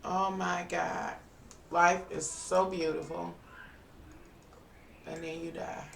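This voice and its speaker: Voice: mid-range voice, flat delivery, slow, creaky, fairly bright tone, a little hiss or hum. A live streamer and tarot reader in a casual live-stream chat, thinking aloud to viewers while working on a computer. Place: indoors at a computer. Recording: roomy, distant mic with faint music.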